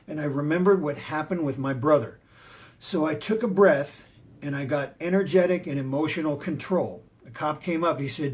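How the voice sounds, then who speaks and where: At a fairly high pitch and normal speed, this motivational speaker and martial arts teacher talks about confidence, punchy and emphatic, leaning on personal stories to make each point land.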